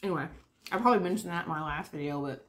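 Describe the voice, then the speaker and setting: A woman's voice: deep voice, racing, a little hiss or hum. A young woman chatting casually to camera while eating lunch. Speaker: vlogger. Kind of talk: casual chat.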